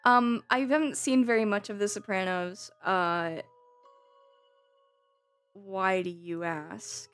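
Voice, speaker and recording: A woman's voice: medium pitch, fairly even intonation, takes it slowly, long pauses, a bit bright, clean tone, faint music behind. A woman streamer chatting casually and giggling as she reads and answers her chat, with a careless swear now and then.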